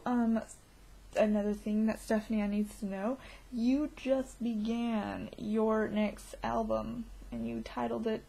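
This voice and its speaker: Female vlogger, giggly and rambling, husky voice with gravelly fry. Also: medium pitch, mellow. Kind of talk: casual video diary.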